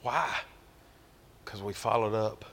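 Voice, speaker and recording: A man's voice: lowish voice, slow pace, fairly bright tone, a little hiss or hum. Southern georgia preacher guy, folksy, telling a story in a sermon, gets emphatic. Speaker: pastor. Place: church.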